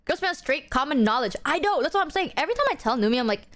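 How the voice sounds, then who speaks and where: A woman's voice: sits high, big pitch swings, very fast. A woman streaming, chatting casually to her chat and stressing her points with insistent repeats. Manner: emphatic, insistent, repeats herself. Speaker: streamer reacting to a clip.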